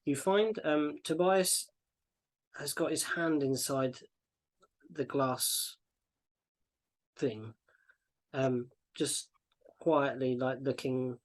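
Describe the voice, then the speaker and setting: A man narrating as game master of a tabletop game, describing scenes in a relaxed, rambling way. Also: medium pitch, very slow, pauses often.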